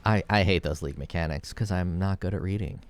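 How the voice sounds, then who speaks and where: A man with a low, smooth voice talks his way through a video game in a loose, rambling way. He thinks aloud, drifts into jokes and swears now and then. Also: quick pace. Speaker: gameplay video creator. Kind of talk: casual gameplay commentary.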